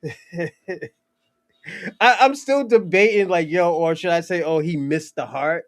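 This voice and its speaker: Laughing, rambling man with a higher voice. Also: slow. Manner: laughs often, stumbles and restarts, swears. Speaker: filmmaker talking about his movie. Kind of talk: rambling casual monologue.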